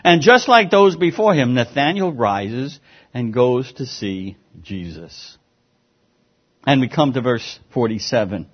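A man preaching a sermon, lively and emphatic, often restarting his words. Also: mid-range voice, slow pace, breathy edge. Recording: dull lo-fi sound.

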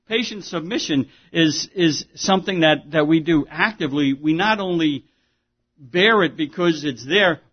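Male pastor, somewhat high voice, conversational preacher given to restarts, dull lo-fi sermon recording. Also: slightly rough.

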